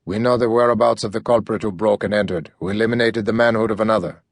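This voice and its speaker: A man's voice: fairly low pitch, steady tone, fast, dry recording, studio quality. A man reading the part of a brash, crude male hustler who is blackmailing the detective. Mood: smug.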